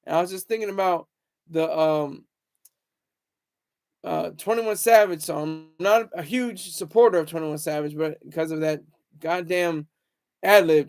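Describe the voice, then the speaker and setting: A young man with a high voice rants in a loose, rambling way, sometimes swinging loud to taunt his critics. He talks straight to his viewers in a casual stream. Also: unhurried, pauses often. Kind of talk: casual livestream rant.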